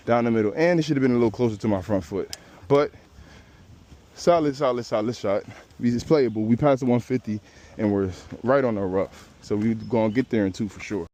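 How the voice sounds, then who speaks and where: A man's voice: fairly low pitch, warm tone. A young man casually narrating his golf round outdoors on a course, playful and chatty, joking and talking to his ball. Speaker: golf vlogger.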